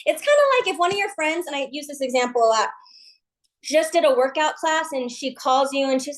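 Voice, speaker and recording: A woman's voice: sits high, a little fast, low-quality recording. A woman leading a sales team call, giving a gushing, pushy motivational pep talk. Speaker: MLM team leader on a team call.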